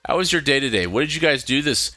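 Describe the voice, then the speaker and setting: A man's voice: mid-range voice, animated, quick pace, bright, forceful tone, dry recording, studio quality, faint music behind. A young man chatting casually on a live stream, rambling and laughing often.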